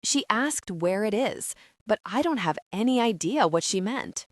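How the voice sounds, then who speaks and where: A woman's voice: medium pitch, animated, measured pace, dry recording, clean studio sound, pitched above the performer's own voice, close to an everyday voice. A woman voicing a young heroine who speaks in a smoky voice, in an audiobook. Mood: recounting.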